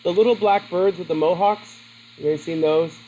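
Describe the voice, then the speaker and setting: A man's voice: sits high, moderate pace, dark tone, a little hiss or hum, rough recording. A man teaching a class in a classroom, chatty and asking his students questions. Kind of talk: classroom lesson.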